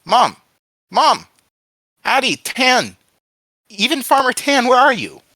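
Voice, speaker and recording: A frightened boy cries out in a shrill, high, pleading voice, far above a man's normal pitch. His tone is bright and strained. The recording is dry. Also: sing-song, fast, dry recording. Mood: panicked. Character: terrified young boy tied for sacrifice.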